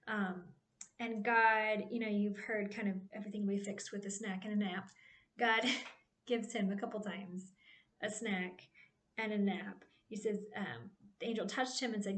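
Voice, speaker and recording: A woman giving a casual devotional Bible talk, retelling the stories in a chatty, animated way and checking in with "right?". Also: mid-range voice, a little slow. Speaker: Bible study speaker. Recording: roomy echo.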